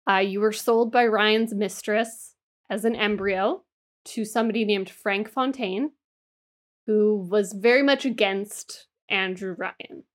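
A woman's voice: mid-range voice, fairly even intonation, takes it slowly. A woman co-hosting a podcast, explaining a story at length in casual chat, with fillers along the way. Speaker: podcast co-host.

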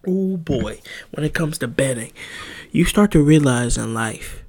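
A man's voice: on the high side, animated, a little slow, darkish tone. A young man hosting a podcast, telling rambling, profane stories in casual chat. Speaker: podcast host.

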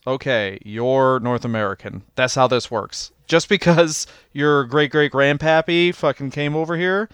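A man's voice: medium pitch, a little slow, few pauses, fairly bright tone, clean tone, no room sound, studio quality. A man co-hosting a comedy podcast, joking crudely and swearing often. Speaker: podcast co-host. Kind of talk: casual comedic chat.

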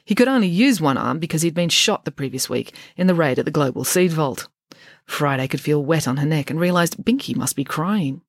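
Female audiobook reader: low, animated, dry recording. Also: a little fast, dry recording. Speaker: storybook reader. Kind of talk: reading a novel aloud.

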